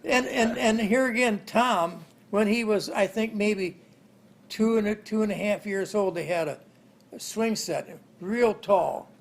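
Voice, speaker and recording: A man's voice: sits high, unhurried, vocal fry. An older man in an interview, telling rambling family stories and chuckling along the way. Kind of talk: oral history storytelling.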